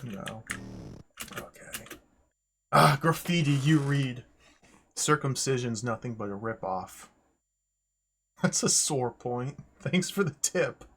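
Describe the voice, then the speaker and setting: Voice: mid-range voice, expressive, takes it slowly, pauses often, fairly bright tone, slightly rough. A streamer giving casual let's-play commentary, reading the on-screen game text aloud with wry asides and frequent chuckles. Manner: chuckles often.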